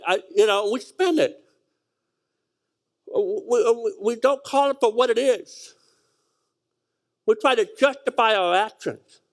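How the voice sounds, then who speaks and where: A man's voice: high voice, gravelly. A man preaching a sermon, reading scripture aloud and stressing points with repeated words and sudden rises and drops. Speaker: pastor.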